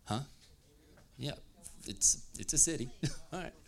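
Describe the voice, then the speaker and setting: A man's voice: medium pitch, animated, a little slow, slight background noise. A man preaching as pastor, reading scripture aloud and joking playfully with his audience. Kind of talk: lively youth-service sermon with scripture reading.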